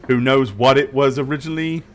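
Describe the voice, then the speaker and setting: A man's voice: medium pitch, fairly even intonation, brisk. Hesitant man narrating a tabletop game. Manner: hesitant narration with many ums and restarts. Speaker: game master.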